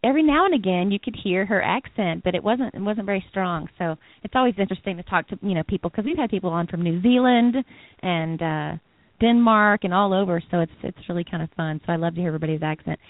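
A woman's voice: on the low side, expressive, fast talker, no room sound. A woman co-hosting an interview podcast in casual chat, rambling off on tangents. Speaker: podcast co-host. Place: Costa Rica. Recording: dry tinny phone-like line.

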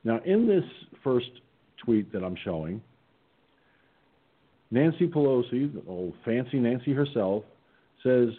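A man's voice: medium pitch, very animated, takes it slowly, pauses often, slightly rough. A man hosting an online political radio talk show, sarcastic and combative, reading his own replies aloud. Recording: tinny phone-line sound.

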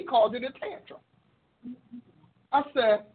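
A woman preacher and show host teaching in a sermon style, expressive and quick to laugh, acting out her prayers. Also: fairly high pitch, breathy edge. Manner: expressive, acts out prayers and quotes, laughs often. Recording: tinny phone-like audio.

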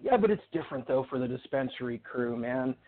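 A man's voice: mid-range voice, expressive, fairly quick, a little hiss or hum. A man calling in, telling a story in a rambling, profane way with lots of restarts. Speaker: caller. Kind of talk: casual storytelling. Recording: tinny phone line.

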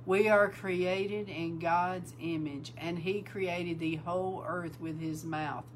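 A woman delivers an informal sermon in a fairly low voice, calling her listeners bride and hammering points home by repeating words. A faint hum runs under the recording. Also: fairly even intonation, slow pace. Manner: breaks into loud exclaiming and laughter. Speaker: preacher.

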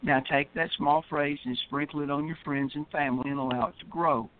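A man's voice: on the high side, fairly even intonation, a little fast, slight background noise. Rambling upbeat man on a phone line. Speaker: poet and regular caller. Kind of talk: casual chat.

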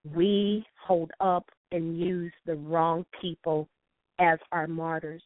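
A woman's voice: lowish voice, little pitch movement, takes it slowly, no echo. A woman from St. Louis calling in to a talk show, telling an impassioned story with quoted dialogue. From St. Louis, USA. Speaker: call-in guest. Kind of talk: phone call-in talk show. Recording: tinny dry phone line.

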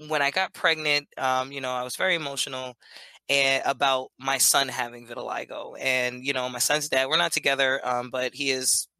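A woman in her thirties chatting as a podcast guest, telling animated stories with frequent laughter. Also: very deep voice, moderate pace, smooth, no room sound. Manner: animated storyteller, laughs often, acts out quotes. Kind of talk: casual interview chat.

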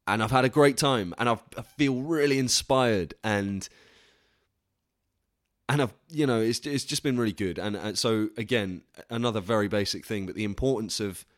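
A man's voice: on the low side, dry recording, studio quality. A young man hosting a solo podcast in a casual, rambling way, restarting often, swearing casually and putting himself down. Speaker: podcast host.

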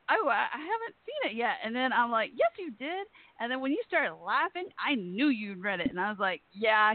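A woman's voice: on the high side, dry recording. A woman hosting a radio show, telling a teasing story in casual chat and laughing often. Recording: tinny phone-like sound, dry.

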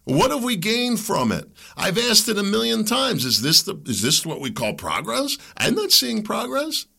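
Man, podcast host, political commentary, fervent, preachy, sharp bright tone, animated voice. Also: high voice, moderate pace, gravelly, breathy edge. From United States. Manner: fervent, preachy, rhetorical questions; repeats words when heated.

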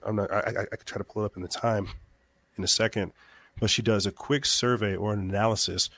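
A man speaking as a guest on a talk show, talking quickly, repeating words as he gets fired up. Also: on the low side, a bit bright, no room sound. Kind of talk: podcast interview.

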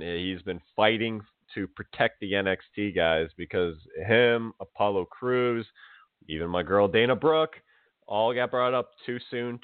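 A man co-hosting a casual wrestling podcast, chatty and quick to laugh. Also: low voice, clean tone, no echo. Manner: chatty, laughs often, mimics crowd chants. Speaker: podcast co-host. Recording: tinny phone-like line, dry.

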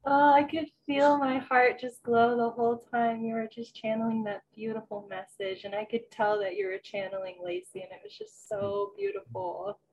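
A woman in an online workshop who speaks in a soft, effusive way. Her voice is fairly high. The call audio sounds dull and lo-fi. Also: lively intonation, moderate pace, hardly any pauses. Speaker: workshop participant. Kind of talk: casual chat on a video call.

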